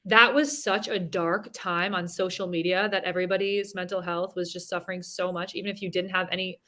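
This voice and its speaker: A woman's voice: on the low side, fairly even intonation, brisk, bright, forceful tone. A woman moderating a panel discussion, responding sympathetically and reading out audience questions.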